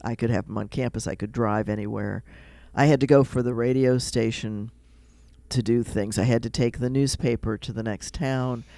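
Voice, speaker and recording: A man's voice: medium pitch, fairly even intonation, moderate pace, vocal fry, dark tone, dry recording, studio quality. A man with a Midwestern American accent, chatting casually on a radio show and rambling through personal stories. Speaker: rabbi, radio guest.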